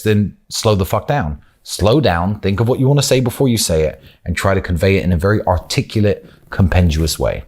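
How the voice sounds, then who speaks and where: Low-voiced British man, frank and opinionated. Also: animated, a little fast, hardly any pauses, a little mellow. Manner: frank, opinionated, occasionally swearing. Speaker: course presenter. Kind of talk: motivational advice talk.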